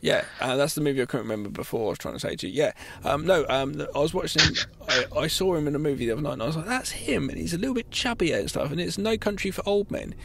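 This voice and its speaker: A man's voice: a little high, animated, rapid-fire, creaky, hardly any pauses, background noise. A man, a podcast co-host who cuts in with film trivia and chatty asides. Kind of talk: casual film-recap chat.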